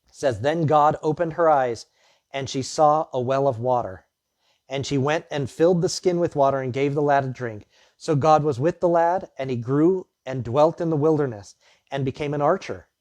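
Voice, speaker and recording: A man's voice: a little high, normal speed, a little mellow, dry recording. Conversational male pastor retelling scripture. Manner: retells the scripture story in plain conversational words, with asides. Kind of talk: sermon teaching through a Bible passage.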